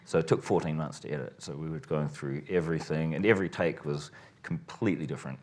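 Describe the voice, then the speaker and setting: A man answering interview questions as a filmmaker, relaxed and rambling, often restarting his sentences. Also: very deep voice, fast. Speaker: filmmaker guest.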